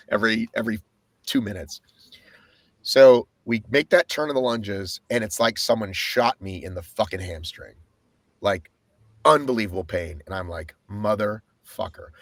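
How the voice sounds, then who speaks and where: A man co-hosting a podcast, telling his race story in a casual, animated way and swearing often. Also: medium pitch, vocal fry, dry recording. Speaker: podcast co-host.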